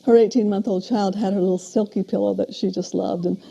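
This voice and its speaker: An older woman, a parent educator, giving a steady, explanatory lecture on parenting in a recorded talk. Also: mid-range voice, fairly quick, creaky, breathy edge. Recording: dull lo-fi video playback.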